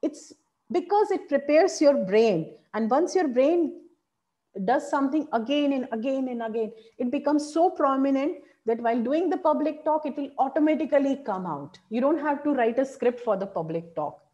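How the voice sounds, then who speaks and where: A woman teaching public speaking in an online workshop, animated and encouraging, asking her audience questions. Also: high voice, normal speed, lo-fi sound.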